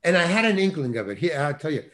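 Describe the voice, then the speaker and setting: An older man spins a story with a voice that sits a bit high and leaps up and down as he talks. He jumps into the voices of the people in his tale and laughs along the way. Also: very animated, quick pace, a bit bright. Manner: acts out quoted voices, laughs often. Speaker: actor guest. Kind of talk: animated storytelling.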